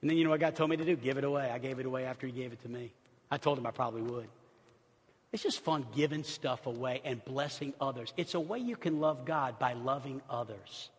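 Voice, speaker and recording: A man's voice: medium pitch, quick pace, slightly rough. A man preaching a sermon as pastor in a church, counting off points in a conversational way and acting out quotes. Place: church sanctuary. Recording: long reverb of a large hall.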